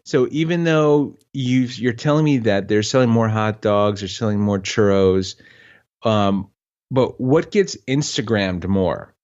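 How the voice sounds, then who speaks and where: A man's voice: on the low side, unhurried, a little mellow, highs cut off. A man co-hosting a podcast in casual chat, laid-back, using easygoing slang and saying "man" a lot. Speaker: podcast co-host.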